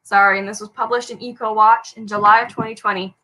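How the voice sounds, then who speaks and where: A woman's voice: medium pitch, level tone, fast talker, bright, forceful tone, rough recording. A young woman hosting a trivia quiz, reading headlines aloud in an upbeat way and joking lightly when she slips. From Canada. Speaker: trivia host.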